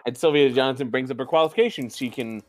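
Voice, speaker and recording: A man's voice: medium pitch, quick pace, no echo. A man co-hosting a podcast, swearing and joking casually as he recaps a show with a friend. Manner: profane, joking, talks over partner. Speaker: podcast co-host.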